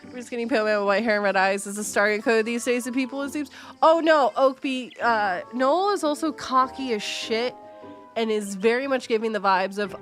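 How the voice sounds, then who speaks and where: A woman's voice: fairly high pitch, moderate pace, a bit bright, faint music behind. A young woman streaming a game, chatting casually, laughing constantly and swearing freely. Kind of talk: casual live-stream chat while gaming.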